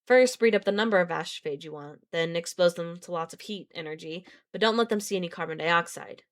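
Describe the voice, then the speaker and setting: A woman's voice: fairly low pitch, a little fast, close to an everyday voice. A woman reading a novel aloud, voicing a plainspoken male scientist who explains things in her own everyday voice. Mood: explaining.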